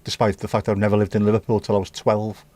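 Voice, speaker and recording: A man's voice: on the low side, monotone, quick pace, mellow, no room sound. A man with a Scouse accent hosting a casual livestream, chatting with viewers and bantering as he reads the chat. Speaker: livestream host.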